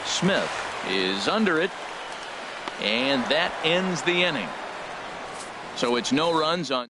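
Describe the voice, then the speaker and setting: A man doing play-by-play commentary for a baseball game, with a brisk, measured call that rises on big plays. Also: a little high, lively intonation. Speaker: play-by-play announcer. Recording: broadcast over loud crowd and stadium noise.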